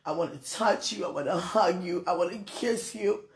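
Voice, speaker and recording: A woman whose pitch is fairly low delivers a heartfelt prayer and personal message through tears, pausing now and then for soft laughter and sighs.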